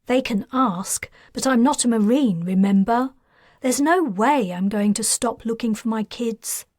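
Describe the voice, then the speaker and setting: A wry, stubborn woman, as the narrator reads her in a science fiction audiobook. She speaks with a dry edge, unhurried, in a mid-range voice, recorded close and dry with no room sound. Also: on the high side, a little mellow, no echo. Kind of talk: audiobook character reading.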